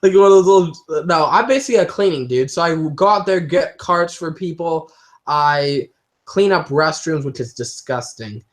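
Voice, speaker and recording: A man's voice: a little high, animated, moderate pace. A young man chatting casually on a livestream, telling rambling, self-mocking stories about work. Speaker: livestream co-host. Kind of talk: casual chat.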